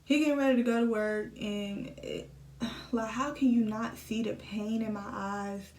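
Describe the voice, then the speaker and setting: A young woman vlogging a personal story into her phone, emotional and halting, often repeating herself. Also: fairly high pitch, steady tone, darkish tone, slight background noise. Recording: echoey room, phone set at a distance.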